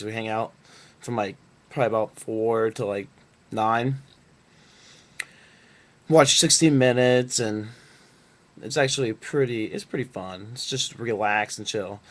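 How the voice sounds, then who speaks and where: A young man from Northern Kentucky telling a story to his webcam in a rambling, laid-back way, full of fillers. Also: medium pitch. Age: young adult. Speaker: vlogger. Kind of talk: casual storytelling.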